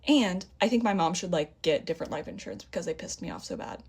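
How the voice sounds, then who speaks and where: A woman's voice: lowish voice, very animated, fast, husky. A young woman telling a story in a casual vlog, heated and indignant, acting out a back-and-forth conversation. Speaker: vlogger.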